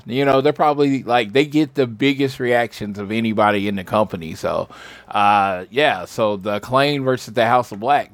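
A man's voice: medium pitch, no room sound. A man co-hosting a wrestling podcast, talking casually and rambling with lots of fillers. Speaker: podcast co-host.

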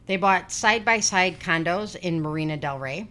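A woman's voice: fairly low pitch, normal speed, pushed and bright. A woman in her forties telling a true-crime story on a casual podcast, blunt and sweary with sarcastic asides. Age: 40s. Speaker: podcast host.

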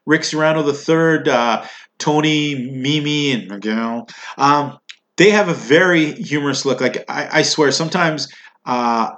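A man's voice: on the high side, a little slow. A man hosting a wrestling podcast, chatting casually and ranting with jokes. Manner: animated, ranting, joking. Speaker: podcast host.

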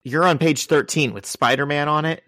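A man's voice: fairly high pitch, normal speed, pushed and bright, no room sound, clean studio sound. Wry, laid-back man co-hosting. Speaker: podcast co-host. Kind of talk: casual chat.

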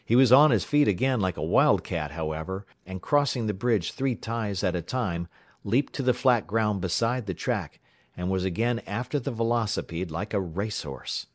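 A man narrating an adventure audiobook in a steady, measured reading style. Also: on the low side, no echo.

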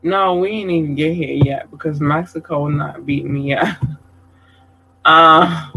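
Effusive male streamer, unhurried delivery, bright forceful tone, affectionate and casually profane. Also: on the high side, vocal fry, a little hiss or hum, poor audio. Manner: effusive, calls viewers babies, swears casually. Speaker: content creator giving shout-outs. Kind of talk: casual livestream chat.

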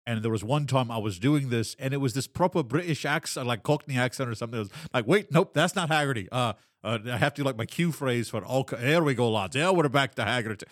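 A man's voice: mid-range voice, no room sound. A man chats loosely about running games, full of fillers and restarts. His voice sits in a middle range. The recording is dry and close, with no room sound. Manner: rambling, filler-heavy, drops into quick character voices. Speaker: podcast co-host, game master. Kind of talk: casual chat.

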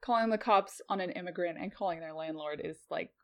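A woman's voice: fairly low pitch, a little fast. A woman in her thirties co-hosting a podcast, casually ranting, swearing bluntly and laughing often. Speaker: podcast co-host. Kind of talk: casual chat.

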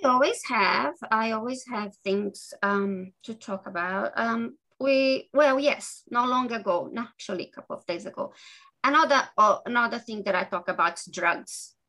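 A sincere woman guest, interviewed about her work as an author, talks in fits and starts with many restarted sentences. Her bright, forceful voice is fairly high, and the audio is rough.

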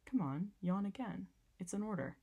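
A woman's voice: mid-range voice, lively intonation, normal speed, gravelly, slightly rough, phone-quality sound. A woman voicing a proud, commanding old male king in a storybook reading. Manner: commanding, self-important.

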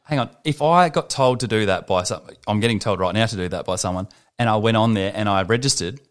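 Profane, animated man telling stories. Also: lowish voice, fast. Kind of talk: casual chat.

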